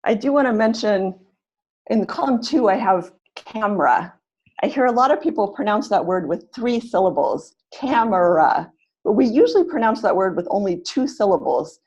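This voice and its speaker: A woman's voice: medium pitch, lively intonation, darkish tone, slightly rough, muffled recording. Woman teaching pronunciation on a webinar. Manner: explains slowly, claps out syllables and models words.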